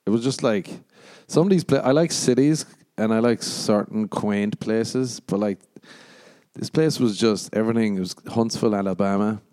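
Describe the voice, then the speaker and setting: A young man with a lowish, mellow voice hosts a rambling solo podcast at normal speed. He's profane and jokey, often slipping into exaggerated mock voices.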